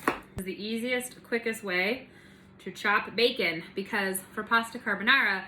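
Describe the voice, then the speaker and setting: A woman's voice: medium pitch, normal speed, pushed and bright, a little hiss or hum. Bubbly woman cooking at home. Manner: chatty and bubbly, with playful asides. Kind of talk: casual cooking demonstration. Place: home kitchen.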